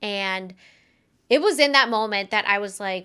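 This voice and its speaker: Bright, clear-voiced woman telling a story. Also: mid-range voice, moderate pace. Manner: earnest, conversational with frequent fillers. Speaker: podcast co-host. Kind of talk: personal storytelling.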